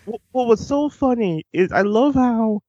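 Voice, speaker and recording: High, lively man on a dull lo-fi line. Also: measured pace, dry recording. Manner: excitable, swears, laughs often. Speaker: podcast co-host. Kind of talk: casual chat. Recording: dull, dry lo-fi sound.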